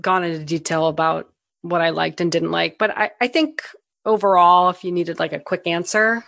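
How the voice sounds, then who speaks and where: A young woman co-hosting a movie podcast, blunt and profane, ranting with animated energy. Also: lowish voice, normal speed, gravelly, no echo. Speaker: podcast co-host. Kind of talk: casual movie review chat.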